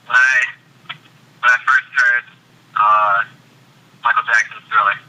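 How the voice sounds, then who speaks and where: A man's voice: mid-range voice, fairly even intonation, a little slow, pushed and bright. A teenage man in a band, joking and laughing through a casual interview over the phone. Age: teens. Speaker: band member. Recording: phone line.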